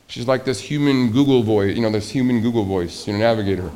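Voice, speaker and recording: A man's voice: fairly low pitch, a little fast, dark tone. A man preaching a sermon as pastor, speaking conversationally, asking the congregation questions and acting out quoted voices.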